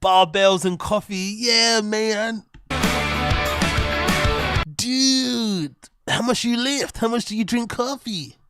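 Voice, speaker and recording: An English man voicing a dumb American gym bro in a mocking, exaggerated high drawl. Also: takes it slowly, pauses often, loud music behind the voice.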